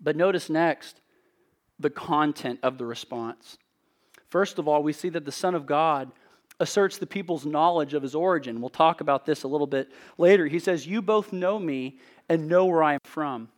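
A man preaching an expository sermon in an earnest, emphatic way, with measured rhetorical pauses. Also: a little high.

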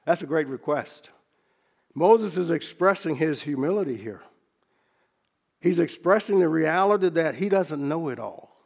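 A man preaching a sermon, teaching from scripture in a measured, earnest way and slowing down to stress key phrases. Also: on the high side, lively intonation, gravelly, darkish tone.

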